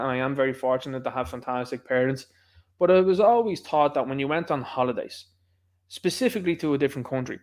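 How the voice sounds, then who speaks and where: A man with a Dublin Irish accent, hosting his own channel, giving rambling, combative political commentary in an impassioned way. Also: on the high side. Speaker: channel host.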